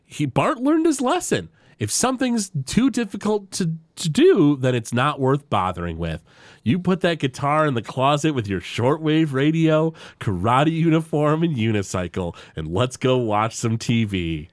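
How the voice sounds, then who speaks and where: A man's voice: normal speed, dry recording. Guy on a podcast recapping a cartoon, voice jumping all over for the quotes, dry close sound. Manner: animated, lots of "like" and "you know", jumps pitch for quoted lines. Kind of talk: casual chat, retelling scenes with quick impressions.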